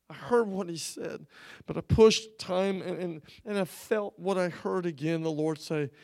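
A man preaching an emotional personal testimony, halting and repeating words as he speaks, growing earnest and intense. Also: sits high, a little mellow.

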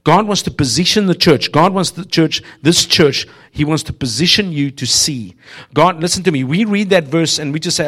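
A man's slightly high, fairly bright voice moves at a moderate pace as he preaches to a church congregation as a visiting preacher. Laughing often, he exhorts and speaks directly to them in a humorous, prophetic sermon.

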